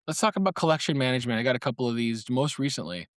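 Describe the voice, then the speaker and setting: A man's voice: mid-range voice, animated, very fast, dry recording. Wry male podcast host, dry sound. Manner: wry, playful, conspiratorial asides; laughs between phrases. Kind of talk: comic solo podcast monologue.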